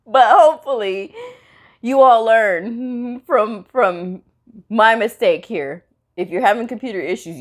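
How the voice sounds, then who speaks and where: A woman who teaches medical coding, chatting casually in a vlog and telling a story about her workday, laughing often and acting out the dialogue. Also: medium pitch. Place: at home after work.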